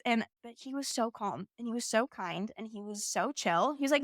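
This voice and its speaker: A woman's voice: on the high side, animated, normal speed, hardly any pauses, bright, forceful tone, dry recording, clean studio sound. A young woman in her twenties hosting a podcast, telling a personal story in a casual, chatty way full of "like" fillers. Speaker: podcast host.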